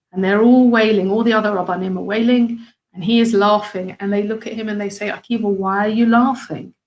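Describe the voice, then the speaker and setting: A woman's voice: medium pitch, low-quality recording. A middle-aged woman, a former head teacher, talking earnestly and thoughtfully about a Torah story that means a lot to her, with many fillers and restarts. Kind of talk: personal reflective talk on a Torah story.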